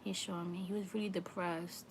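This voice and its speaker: A woman's voice: lowish voice, little pitch movement, moderate pace, a little hiss or hum. A woman giving a livestream tarot reading, talking earnestly and repeating phrases for emphasis. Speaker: tarot reader.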